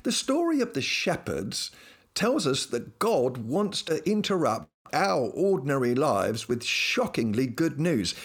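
Lively man giving a devotional talk. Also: mid-range voice, slightly rough. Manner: playful storytelling, animated. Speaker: host and Christian speaker.

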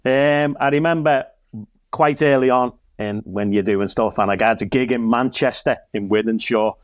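A man from Liverpool with a Liverpool accent, a comedian and church minister, telling an anecdote in a relaxed panel chat with lots of asides. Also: medium pitch, normal speed, no room sound. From Liverpool, England. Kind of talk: casual storytelling in a panel chat.

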